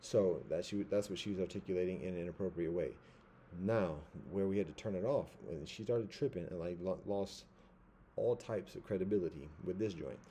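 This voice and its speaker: A man giving a casual commentary monologue, halting and rambling with many fillers and restarts. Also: sits low, dark tone, slight background noise.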